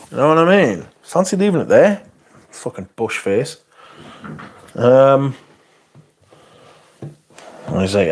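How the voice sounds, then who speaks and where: Male streamer, profane and ranty, animated delivery, casual chat with viewers. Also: medium pitch, moderate pace, pauses often. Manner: sweary, ranting, reading viewer questions. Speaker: livestream host.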